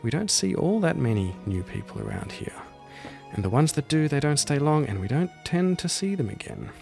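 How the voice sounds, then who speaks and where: A man's voice: a little high, big pitch swings, moderate pace, gravelly, mellow, faint music behind, voice pushed up. A man voicing a friendly but wary middle-aged farmer in a tabletop game, in a raised, fretful, chatty voice.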